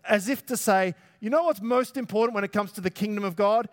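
A pastor with a high-pitched voice preaches a sermon fairly quickly, speaking conversationally, posing rhetorical questions to listeners and raising his voice on key words.

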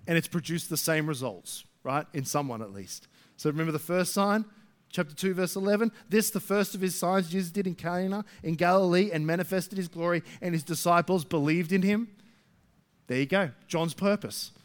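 A man's voice: high-pitched, normal speed. Emphatic male preacher, rising and falling. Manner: emphatic, rising to near shouts then dropping soft. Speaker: pastor. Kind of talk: sermon.

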